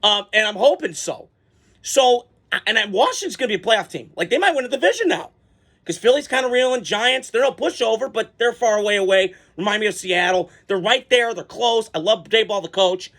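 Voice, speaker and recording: A man ranting casually about his football team, excitable and rambling, with fillers and swearing. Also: sits high, a little fast. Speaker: sports vlogger. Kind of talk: casual fan reaction rant.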